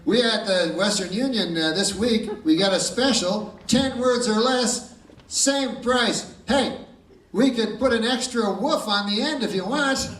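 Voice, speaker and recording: Comic putting on a salesy telegraph clerk, pitched up, in a noisy echoey hall. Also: male voice, measured pace. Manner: salesy, pushy. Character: brash male telegraph clerk pitching a deal. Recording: echoey live room, distant mic, loud crowd.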